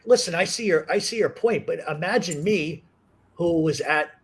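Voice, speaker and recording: A man's voice: on the high side, moderate pace, husky. A man hosting a talk show, telling stories casually with lots of swearing. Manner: profane, animated storyteller. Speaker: podcast host. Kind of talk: casual storytelling chat.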